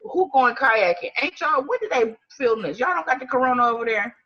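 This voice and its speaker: Sassy woman co-host, bright husky voice, lively swings in pitch. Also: brisk, dull audio. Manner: animated, laughing, sassy colloquial banter. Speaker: podcast co-host. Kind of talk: casual reality-TV recap chat.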